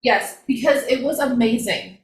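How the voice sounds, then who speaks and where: A woman's voice: on the high side, normal speed, roomy sound. A woman co-hosting a casual book review, gushing and laughing a lot as she talks. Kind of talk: casual chat.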